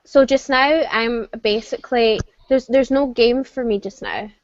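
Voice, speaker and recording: A woman's voice: a little high, measured pace, muffled recording, slight background noise. A woman in a casual group discussion, answering hesitantly with ums. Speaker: panelist.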